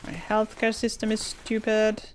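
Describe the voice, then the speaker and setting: A woman's voice: mid-range voice, monotone, measured pace, slight background noise. A woman, not a native English speaker, casually commenting on a game, swearing a lot and ranting, breaking into laughs. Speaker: gaming streamer.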